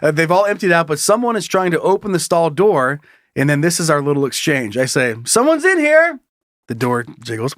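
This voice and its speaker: A man's voice: a little high, brisk, no room sound, clean studio sound. A man co-hosting a casual comedy podcast, reading a listener's story aloud and acting out the voices, laughing often.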